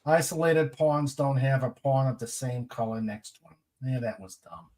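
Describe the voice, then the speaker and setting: A man hosting a casual livestream, chatting and reading viewer comments aloud in an unhurried way. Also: mid-range voice, slight background noise. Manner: unhurried, chatty, laughs at jokes. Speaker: livestream host.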